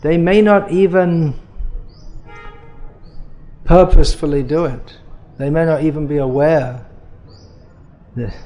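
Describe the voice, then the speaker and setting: Measured man with a mellow voice. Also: mid-range voice. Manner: measured, explanatory, many restarts. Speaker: spiritual teacher answering questions. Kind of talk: question and answer talk.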